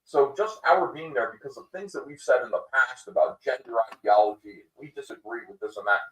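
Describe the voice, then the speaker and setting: A man with a medium-pitched, slightly bright voice hosts a livestream podcast, ranting a little fast in casual commentary. He uses lots of fillers and mocks people by putting on quoted voices. The room is echoey and the mic sounds distant.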